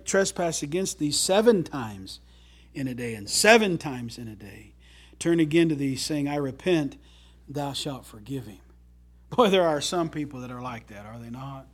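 A man preaching from the pulpit in a folksy, animated way, with a somewhat high voice. He jumps from loud, emphatic lines to quiet, low asides and slips in jokes along the way. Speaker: pastor. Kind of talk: sermon.

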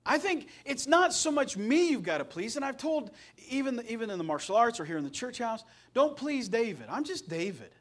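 A man's voice: extremely high pitch, sing-song, brisk, few pauses, fairly bright tone. A middle-aged man from Indiana preaching a sermon as pastor, telling folksy stories with jokes along the way. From Indiana, USA. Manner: folksy, storytelling, joking.

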